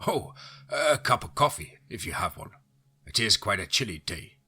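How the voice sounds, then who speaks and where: A man voicing a polite, formal older male visitor in a spoken horror story, courteous and measured. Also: on the low side, very animated, bright, forceful tone, husky, heavily acted.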